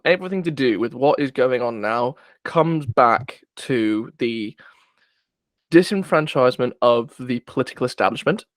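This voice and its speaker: A man's voice: medium pitch, no echo. A man co-hosting a casual political podcast, rambling and searching for words with frequent restarts. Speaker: podcast co-host.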